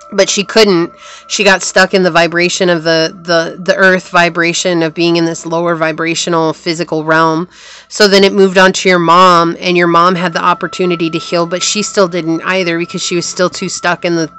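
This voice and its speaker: A woman's voice: lowish voice, a bit bright, smooth. Rambling woman tarot reader, sore throat. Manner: rambling, searching, repeats phrases. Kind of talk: casual tarot reading to camera.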